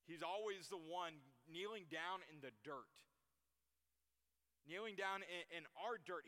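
A man's voice: a little high, pushed and bright, big-room sound. A man preaching a sermon as pastor, repeating key lines for emphasis.

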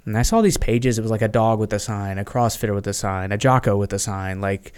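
A man's voice: fairly low pitch, a little fast, a little mellow, smooth. A man, a podcast guest, telling stories in casual chat and acting out quoted voices, with many fillers.

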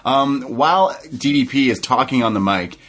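A man co-hosting a wrestling recap podcast. He talks in a casual, lively way, laughs a lot, and keeps the chat loose and playful. His voice sits at an ordinary pitch for a man. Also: normal speed. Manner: animated, laughs often, quotes wrestlers in raised mock voices. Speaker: podcast co-host.

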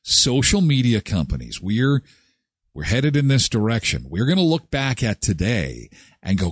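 A middle-aged man hosting a casual chat show, joking and animated. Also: mid-range voice, normal speed, slightly rough, dry recording, studio quality. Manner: joking, animated, slips into silly voices. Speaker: talk show host.

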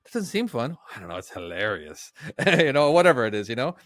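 A man's voice: medium pitch, very animated, fairly quick, fairly bright tone, dry recording. A man co-hosting a casual podcast, rambling with many restarts and frequent laughter. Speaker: podcast co-host.

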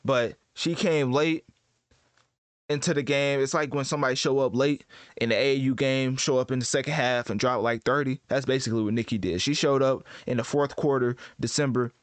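A man's voice: medium pitch, fairly even intonation, brisk, clear, resonant tone, no echo. Rambling man doing casual rap commentary. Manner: rambling, self-correcting, conversational slang. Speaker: host ranking rappers.

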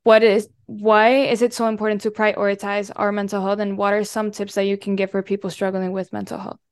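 A woman's voice: mid-range voice, completely flat delivery, brisk, clean tone, no echo, clean studio sound. A young woman hosting a podcast, talking earnestly and asking long multi-part questions. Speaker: podcast host. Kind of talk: casual interview chat.

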